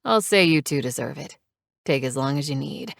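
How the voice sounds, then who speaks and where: Brief: a woman playing a calm, reassuring man doctor, low and even. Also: normal speed, gravelly, no room sound, studio quality, full character voice. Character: calm male club doctor, kind and steady.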